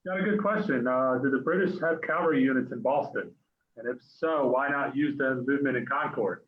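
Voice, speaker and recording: A man's voice: medium pitch, fairly quick. A man moderating a panel, reading out an audience question in a plain way with a few fillers. His voice comes through a tinny, phone-like line with a roomy echo. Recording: echoey, tinny call line.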